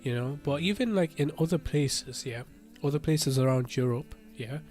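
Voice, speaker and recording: A man's voice: mid-range voice, moderate pace, darkish tone. A young man chatting casually as a podcast co-host, his voice in a middle register. He talks in slang, leans on fillers and laughs often. Faint music plays underneath. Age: young adult. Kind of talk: casual chat.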